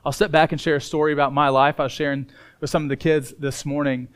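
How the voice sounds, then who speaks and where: A middle-aged man from Indiana preaching a sermon as pastor, telling a personal story with loud emphatic moments and quiet earnest asides. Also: a little high, level tone, fast, clean tone.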